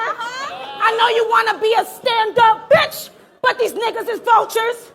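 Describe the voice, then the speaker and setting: A woman spits battle-rap bars in a very high, piercing voice. She delivers taunting, aggressive punchlines, often shouting them out over a live event with a faint crowd behind her. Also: moderate pace. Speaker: battle rapper.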